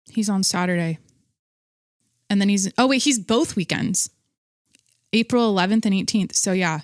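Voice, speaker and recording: A woman's voice: medium pitch, dry recording, clean studio sound. A young woman hosting her own podcast, chatting casually on her own, rambling and breaking off her sentences, often laughing between thoughts. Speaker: podcast host. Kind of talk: casual solo podcast chat.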